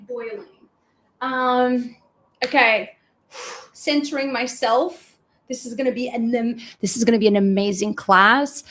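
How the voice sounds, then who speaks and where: Bubbly high-voiced woman live-streaming from home. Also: fairly bright tone. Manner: bubbly, chatty, swears casually, talks to viewers. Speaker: host of a live online class. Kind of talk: casual live-stream chat. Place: home, in Dubai. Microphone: desk mic, sometimes moving away from it.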